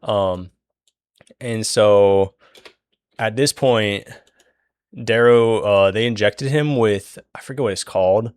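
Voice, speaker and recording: A man's voice: lowish voice, slow, long pauses, clean tone, no echo. Rambling, swearing young man. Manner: rambling, profane, loses his place. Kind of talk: casual plot retelling while drawing.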